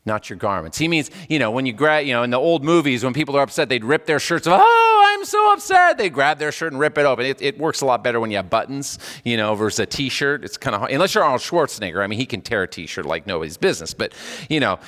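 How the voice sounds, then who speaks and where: A male pastor preaching a sermon in a church. He swings between raised, emphatic lines and low, solemn ones, with casual asides between scripture readings. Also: long reverb tail. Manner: animated preaching with wide swings in pitch and loudness, dropping low on solemn words. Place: church sanctuary.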